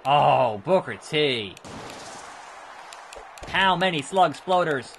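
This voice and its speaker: A man with a high, bright-pitched voice narrating his own video game playthrough. He reacts loudly and jokes at his own expense as he plays. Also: slow pace, pauses often, a little hiss or hum. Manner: excitable, jokey and self-mocking. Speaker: let's play host. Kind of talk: gameplay commentary.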